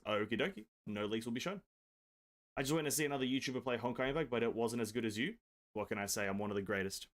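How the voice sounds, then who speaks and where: A man streaming games from his home desk, chatting casually, answering viewers and joking around with the odd swear word. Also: medium pitch. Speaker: gaming streamer. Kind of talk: casual live-stream chat.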